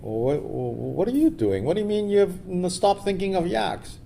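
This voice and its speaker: A man's voice: high voice, animated, measured pace, gravelly, mellow, slight background noise, pitched above the performer's own voice, heavily acted. A man voicing an anxious young herder boy who blurts out worried questions.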